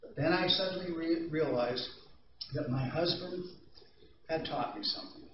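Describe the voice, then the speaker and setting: In a training room, a man with a slightly high voice delivers an anger-management talk to a group at a moderate pace, over a noisy background. He explains ideas conversationally and tells stories with asides to the audience. A distant, echoey room mic makes the sound slightly dull.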